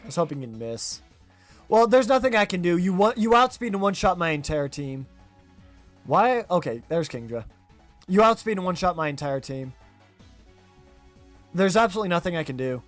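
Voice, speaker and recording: A man talking viewers through a live gameplay stream, animated and quick to blame himself. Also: sits high, soft background music. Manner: animated, self-critical, talks straight to viewers. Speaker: game streamer.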